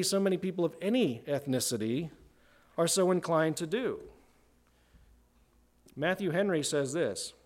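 A middle-aged man preaching a sermon in a conversational way, often checking in with "right?". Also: fairly high pitch. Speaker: pastor.

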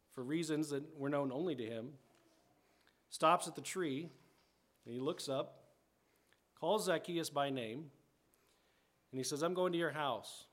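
A man's voice: fairly high pitch, a bit bright. A man preaching a sermon as a pastor, conversational, often checking in with the congregation and rephrasing as he explains scripture.

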